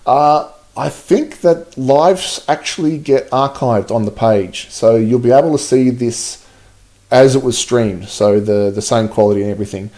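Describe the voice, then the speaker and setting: A man with a relaxed, mellow voice talks through a live night-sky stream. He chats easily in a mid-range pitch, reads viewer comments aloud and laughs often between tasks. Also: unhurried. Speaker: livestream host.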